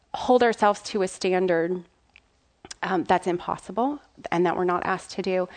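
Woman in her 30s telling her faith story, earnest and open, trips over her words a bit. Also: medium pitch. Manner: earnest, candid, faltering with fillers and restarts. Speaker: mother sharing a faith testimony. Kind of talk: heartfelt personal testimony.

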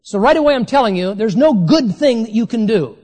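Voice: medium pitch, animated, a little mellow. Emphatic preacher in a reverberant hall. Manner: emphatic, slows down to stress key phrases. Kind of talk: sermon.

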